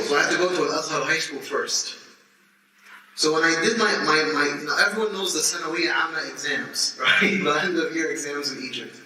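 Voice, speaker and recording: A man in his thirties, teaching students and telling stories in an animated way, with laughter and restarts. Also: a little high. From United States. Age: 30s. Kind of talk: lecture to students. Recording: echoey hall, distant mic, faint noise.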